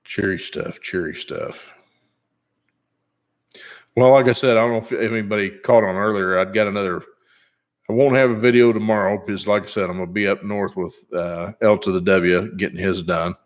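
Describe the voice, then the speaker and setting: A man's voice: fairly low pitch, steady tone, moderate pace. A man in his fifties chatting casually on his vlog in a rambling, easygoing way, with many fillers. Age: 50s. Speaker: channel host.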